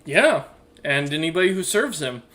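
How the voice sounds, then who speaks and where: A man's voice: on the high side, big pitch swings, normal speed, pushed and bright, slight background noise. A man playing a tabletop game, cocky and teasing, partly speaking in character. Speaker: player.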